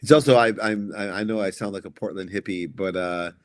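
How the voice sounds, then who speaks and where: Man, 50s, low voice, reflective guest with halting delivery, dry close sound. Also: no room sound. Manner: halting, restarts often, reflective. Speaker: guest comic writer. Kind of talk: casual podcast conversation.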